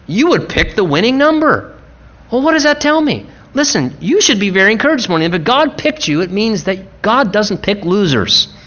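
A man preaching a sermon, with emphatic repetition, slowing down for stress and rushing through quick asides. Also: sits high, fairly bright tone, dull audio. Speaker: pastor.

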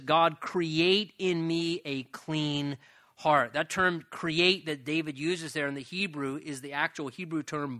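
A male pastor preaching a sermon in an earnest way, repeating phrases and slowing down to stress key lines. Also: a little high, pushed and bright, no room sound, studio quality.

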